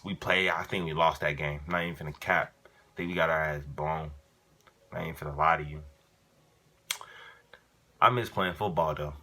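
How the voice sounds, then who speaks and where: A man's voice: extremely low pitch, fairly even intonation, normal speed, long pauses, pushed and bright. A young man vlogger telling a casual story in slangy, profane, laid-back talk.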